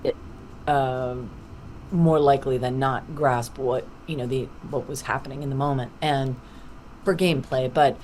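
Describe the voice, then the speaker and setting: A middle-aged woman, a voice actor, being interviewed on a podcast over a video call, telling animated stories full of acted-out quotes. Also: a bass voice, normal speed, a little hiss or hum. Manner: lively anecdotal storytelling with acted-out quotes. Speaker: voice actor guest.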